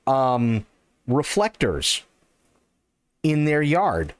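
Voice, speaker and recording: A man streaming live, telling a long personal story in an animated, excitable way and swearing often. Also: mid-range voice, extremely slow, dry recording. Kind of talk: casual storytelling.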